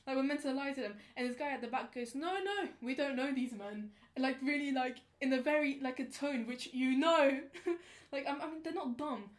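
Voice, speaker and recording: A young woman, casually telling a story on a podcast in slangy, animated talk. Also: high-pitched, brisk, few pauses. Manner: animated, slangy, acts out quotes. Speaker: podcast co-host.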